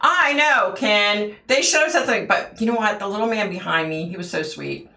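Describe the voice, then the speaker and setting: Woman livestream host, chatty storyteller, bright voice, echoey room. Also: mid-range voice, expressive, brisk. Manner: chatty storyteller, laughs often, answers the chat. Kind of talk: casual chat with viewers.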